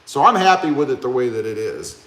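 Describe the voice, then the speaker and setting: A man's voice: mid-range voice, lively intonation, fairly quick, a bit bright. Chatty man hosting a live stream. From Ohio. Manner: joking, chatty, talks back to viewer comments. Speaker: live-stream host reading chat. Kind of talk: casual live-stream chat. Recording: echoey room.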